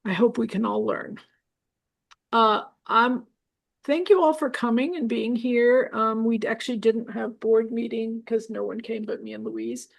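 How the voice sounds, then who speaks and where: A slightly high-pitched woman with a gravelly, fry-edged voice runs a casual discussion group. She speaks briskly, keeps an eye on the clock and moves people along. Her tone stays practical and organized. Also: steady tone. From New Orleans area. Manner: brisk, keeps time, reads aloud.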